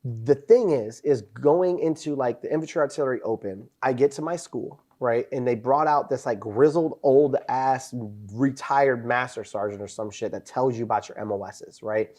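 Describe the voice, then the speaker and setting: A man's voice: medium pitch, normal speed, hardly any pauses, dark tone. Profane, rambling male storyteller. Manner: profane, rambling storyteller, lots of "bro" and "dude". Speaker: podcast host, former Marine. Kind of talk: casual chat.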